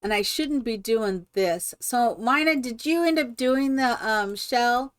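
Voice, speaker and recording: A woman hosting a live stream, chatting excitedly and rambling while she builds in a game. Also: fairly high pitch, a little slow, clean tone, dry recording, studio quality. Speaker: streamer host.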